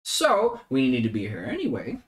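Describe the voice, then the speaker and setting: A man's voice: mid-range voice, huge pitch swings, moderate pace. A man playing a tabletop game, explaining things in a playful, reassuring way. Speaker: player. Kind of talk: casual tabletop play.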